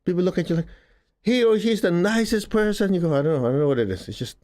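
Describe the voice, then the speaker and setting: Mellow-voiced man giving a spiritual talk. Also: high voice, expressive, quick pace. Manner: conversational, laughs often, acts out quotes. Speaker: spiritual teacher. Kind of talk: casual spiritual talk to an audience.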